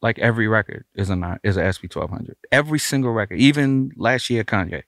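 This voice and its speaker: A man's voice: on the low side, fast talker, dry recording. A man, a record producer casually telling a studio story and acting out the voices of the people in it. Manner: animated, acts out the voices of others in his story.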